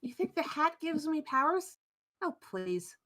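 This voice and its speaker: A woman's voice: high-pitched, sing-song, measured pace, a bit bright, full character voice. A woman voicing a vain, fluffy-tailed female witch creature who speaks in a haughty, dismissive way over a video call.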